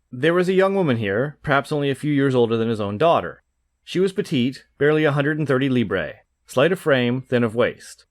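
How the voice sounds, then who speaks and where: A man narrating a comic novel aloud in an expressive reading. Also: mid-range voice, dry recording, clean studio sound. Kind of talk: audiobook narration.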